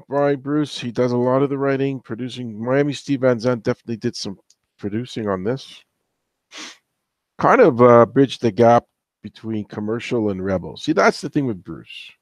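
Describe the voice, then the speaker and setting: A man's voice: mid-range voice, no room sound. A man hosting a casual album countdown, talking in a rambling, opinionated way with gossipy asides. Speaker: music show host.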